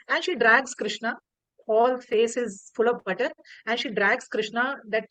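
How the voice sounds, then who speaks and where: Indian woman storyteller, animated, repeats herself, fairly high voice, dry call audio. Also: measured pace, no echo, rough recording. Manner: animated, repeats words while telling. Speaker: devotional storyteller. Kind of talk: online class storytelling. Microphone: video call.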